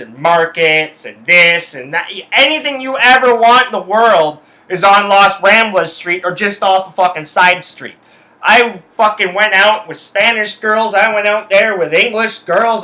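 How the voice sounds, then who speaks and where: A man's voice: on the high side, bright, forceful tone. A young man ranting angrily in a solo monologue, swearing a lot and hammering his points with emphasis. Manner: angry, profane, emphatic. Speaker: podcast host.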